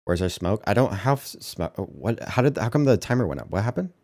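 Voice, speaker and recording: A man's voice: fairly low pitch, very animated, fairly quick, a little mellow, no room sound, clean studio sound. A man streaming, reacting in offhand, profane asides to chat and a video. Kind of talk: casual stream commentary.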